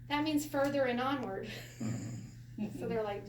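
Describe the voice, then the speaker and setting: High-voiced chatty woman teaching. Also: a little fast. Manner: chatty, laughs often, animated storytelling. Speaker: Hebrew teacher. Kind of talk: casual classroom lesson. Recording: echoey room, voice from far off, faint hiss.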